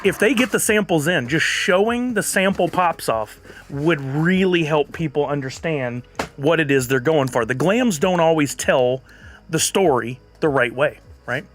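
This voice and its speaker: A man's voice: on the high side, lively intonation, measured pace. A man streaming live, chatting casually and answering viewers' comments. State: has the hiccups.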